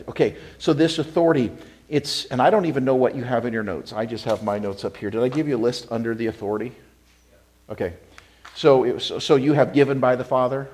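A pastor preaching a sermon to his congregation, asking them questions and repeating key words for emphasis, moving between a hushed retelling and loud, forceful exhortation. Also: medium pitch.

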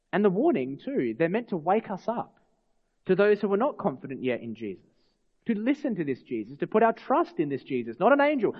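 A man preaches in a slightly raised voice, earnest and questioning his listeners. His words ring out with a long reverb in a church hall. The recording sounds a little dull and lo-fi. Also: a little high. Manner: earnest, asks the congregation rhetorical questions. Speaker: pastor. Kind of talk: sermon.

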